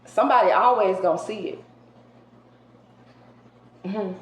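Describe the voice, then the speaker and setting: A woman doing a casual tarot card reading for her viewers. She talks colloquially and emphatically, jumping between loud outbursts and hushed asides. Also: medium pitch, unhurried. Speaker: tarot reader. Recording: roomy echo with faint background hiss.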